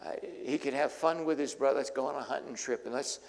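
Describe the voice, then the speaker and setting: A man preaching a sermon, retelling a story with lively acted-out voices. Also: mid-range voice, fast, vocal fry. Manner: animated storytelling, acting out voices. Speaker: pastor. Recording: long hall reverb.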